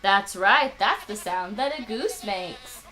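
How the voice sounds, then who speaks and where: A woman's voice: mid-range voice, lively intonation, slow, pushed and bright. A woman teaching English to children, patient and encouraging, with playful animal sounds. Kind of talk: children's ESL lesson.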